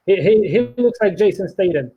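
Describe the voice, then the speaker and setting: A man from Ukraine speaking English in a casual chat, halting with many restarts and fillers. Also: high voice, animated, muffled recording, slight background noise. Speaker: programmer and YouTuber. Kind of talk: casual conversation.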